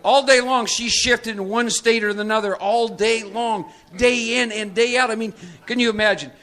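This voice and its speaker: A man's voice: extremely high pitch, steady tone, moderate pace, bright, forceful tone. A man from Texas leading a live recovery workshop, emphatic and teasing, often checking that listeners follow. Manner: emphatic, teasing, asks for agreement.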